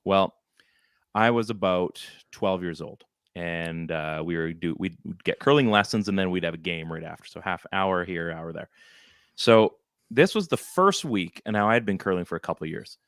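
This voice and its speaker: A man's voice: low voice, normal speed, smooth, no echo. A man co-hosting a podcast, telling a rambling, self-deprecating story in casual chat on a close microphone. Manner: animated, rambling anecdote with self-deprecating laughs. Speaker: podcast co-host. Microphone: close studio microphone.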